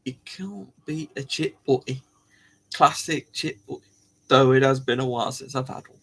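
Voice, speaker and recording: A man's voice: mid-range voice, normal speed. A man hosting a live stream, rambling and musing aloud to his viewers in casual chat, coughing now and then.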